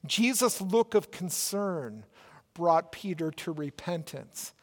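A pastor from Minnesota with a Minnesotan accent, giving an earnest, emphatic sermon with deliberate pauses. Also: male voice, high-pitched, lively intonation, big-room sound.

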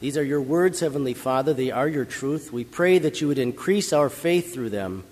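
A man's voice: medium pitch, lively intonation, moderate pace, a little mellow, in a large hall. A male pastor giving a dramatic sermon, telling a vivid story and rising into passionate proclamation.

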